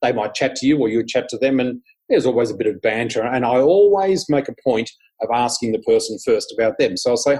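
A middle-aged man with a husky voice, a psychic guest chatting casually and animatedly, acting out what people say. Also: mid-range voice, fairly quick, few pauses, low-quality recording. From Australia. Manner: animated storyteller, often laughing, acts out quotes. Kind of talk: casual interview chat.

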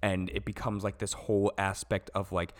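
A man with a fairly low voice talks movies in a loose, casual chat. He gets excited and swears freely, and scatters "like" through his sentences. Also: moderate pace. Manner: enthusiastic, swears casually, many "like" fillers. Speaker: podcast co-host.

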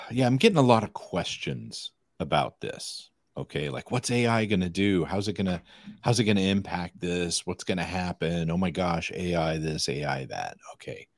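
A man's voice: deep voice, lively intonation, normal speed, no echo, clean studio sound. A man co-hosting a podcast in casual chat, telling stories animatedly and acting out quoted dialogue. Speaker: podcast co-host.

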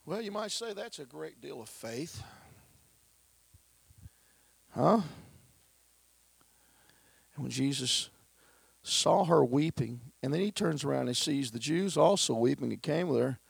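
A male pastor preaching a sermon, swinging between loud declarations and hushed whispers. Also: a little high, expressive, a little slow, creaky, pauses often, breathy edge, dry recording.

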